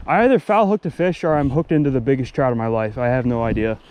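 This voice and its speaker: Male fishing vlogger, mid-pitched, excitable running commentary, outdoor river audio with wind and water. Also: fast talker. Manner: excitable, talks straight to viewers, repeats exclamations. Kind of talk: live commentary to viewers while fishing.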